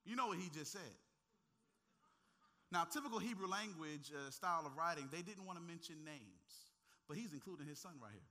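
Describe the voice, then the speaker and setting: A man preaching a sermon, swinging between hushed asides and impassioned, near-shouted stretches, teasing and talking directly to the congregation. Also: a little high, expressive, a little fast. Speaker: pastor.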